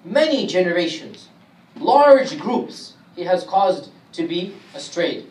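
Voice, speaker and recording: A man teaching a Quran commentary class, speaking emphatically and reciting Arabic verses rapidly. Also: high-pitched, sing-song, a little mellow. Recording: echoey room, distant mic, faint hiss.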